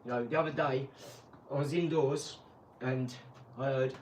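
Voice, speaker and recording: A man, hosting a casual live stream and telling lively, laughing stories with some swearing, from an empty garage. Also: medium pitch, normal speed. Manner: animated storyteller, laughs, swears. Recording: roomy, distant mic, faint noise.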